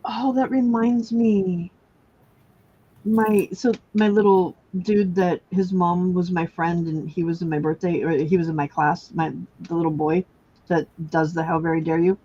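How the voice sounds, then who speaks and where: A woman's voice: fairly low pitch, fairly even intonation, a little slow, dark tone, breathy edge, dull audio. A woman hosting a late-night crafting livestream in casual chat, rambling with many fillers and restarts.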